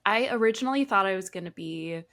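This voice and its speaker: A young woman with a Southern Californian Valley accent, chatting casually as a guest designer, full of likes and ums and quick laughs. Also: medium pitch, expressive, a bit bright. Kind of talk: casual interview chat.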